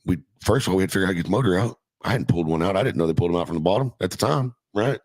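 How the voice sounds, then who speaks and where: A man's voice: deep voice, animated, rapid-fire, no room sound. A middle-aged man casually telling a profane, laughing story from his youth as a podcast guest.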